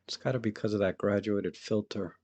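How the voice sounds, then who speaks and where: Speaking fairly quickly in a somewhat low voice, a man streams himself editing photos. He's relaxed and talkative, thinking out loud about his work and greeting those in the chat.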